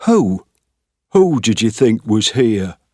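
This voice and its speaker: A man voicing a slow, lonely young farmhand who speaks bluntly and awkwardly in a storybook. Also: lowish voice, very animated, a little mellow, dry recording, clean studio sound, pitched above the performer's own voice, heavily acted. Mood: angry.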